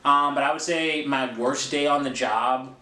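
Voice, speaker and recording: A man's voice: mid-range voice, moderate pace. A young adult man, a podcast co-host, chatting casually and acting out the voices of the people in his stories. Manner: animated storytelling, acting out quoted voices. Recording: echoey room with faint noise.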